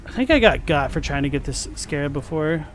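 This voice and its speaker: A man's voice: a little high, sing-song, fairly quick, a little hiss or hum. A man streaming a game, chatting casually about its lore and thinking aloud as he plays. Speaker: gaming streamer. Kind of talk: casual gameplay commentary with lore talk.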